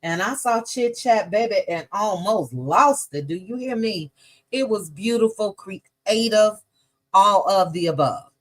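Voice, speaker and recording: A woman hosting a casual livestream, chatty and warm toward her viewers, greeting each one by name as she scrolls the chat. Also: mid-range voice, animated, a little slow. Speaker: livestream host.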